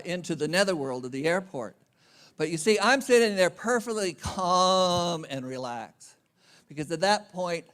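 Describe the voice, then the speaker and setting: A man's voice: high-pitched, a bit bright. A man giving a conference speech, telling a humorous self-deprecating travel story. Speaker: conference speaker. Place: conference venue.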